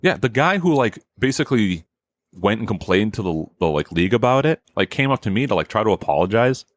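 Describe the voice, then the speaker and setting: A man's voice: fairly low pitch, big pitch swings, fairly quick, no echo. Heated, profane man telling a story. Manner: profane, heated, acts out quotes. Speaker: podcast host. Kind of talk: casual storytelling.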